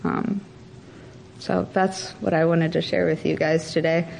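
A young woman talks slowly and thoughtfully about her faith, often pausing to find the words. A faint noise runs underneath her voice. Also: sits low, little pitch movement, creaky. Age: young adult. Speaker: church member giving testimony. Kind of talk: personal testimony.

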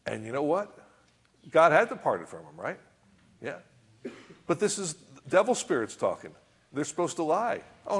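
A man preaching a sermon with a husky, slightly breathy voice. He talks through scripture in a conversational way. He keeps checking in with his listeners through rhetorical questions. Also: mid-range voice. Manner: reads scripture aloud and comments on it.

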